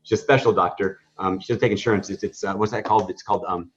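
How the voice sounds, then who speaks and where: A man's voice: fairly low pitch, steady tone, fast talker, fairly bright tone, slight background noise. A man telling a story in a podcast interview, rambling through fillers and restarts and acting out the dialogue. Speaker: guest, hot dog stand owner. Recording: dull lo-fi podcast audio.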